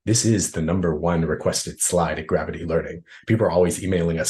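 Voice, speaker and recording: A man's voice: low-pitched, quick pace, darkish tone. A man leading a professional training session, talking casually and acting out people's inner voices with frequent tag questions. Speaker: workshop trainer.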